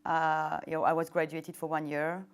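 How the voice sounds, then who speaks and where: A young woman speaking on a lapel mic in a seated interview, her voice sitting a little low. She hesitates with frequent ums, words things simply like a non-native speaker, and slips in soft laughs. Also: level tone, normal speed, smooth. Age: young adult. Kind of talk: casual interview storytelling. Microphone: wireless lapel mic.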